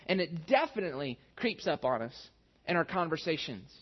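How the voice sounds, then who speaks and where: A man's voice: sits high, very animated, fast talker, husky. A man in his thirties preaching a sermon in a conversational, self-deprecating storytelling manner. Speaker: pastor. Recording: muffled lo-fi sound.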